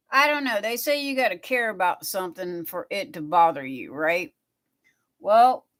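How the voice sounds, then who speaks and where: A middle-aged woman hosts a livestream, chatting with viewers at an unhurried pace in a slightly high, bright, forceful voice. She rambles from thought to thought, reads viewer comments aloud, and says "you know" constantly.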